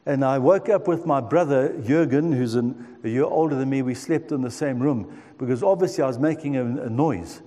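A man's voice: mid-range voice, moderate pace, few pauses, warm tone, in a large hall. A man in his sixties telling his own story in a sermon, in an earnest tone that speaks straight to the listeners. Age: 60s. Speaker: preacher. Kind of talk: sermon testimony.

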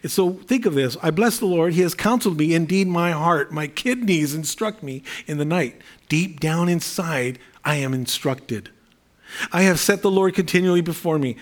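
Earnest, fairly high-voiced man preaching. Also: normal speed. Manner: earnest, conversational preaching with fillers and repetitions. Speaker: pastor. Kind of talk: sermon.

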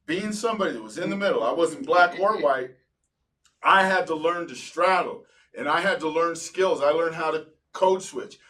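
High-voiced man talking from a distance. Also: normal speed. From Colorado, United States. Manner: animated storytelling, acts out other people's voices. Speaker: psychologist and podcast host. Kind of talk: casual conversational interview. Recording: voice sounds distant from the mic.

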